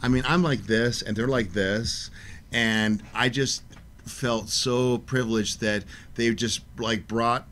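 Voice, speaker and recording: A middle-aged man chatting as a guest on a radio show, telling lively stories and acting out quotes in a raised voice. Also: mid-range voice, slow. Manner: animated storyteller, acts out quotes in a raised voice. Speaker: guest artist. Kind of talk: casual interview chat.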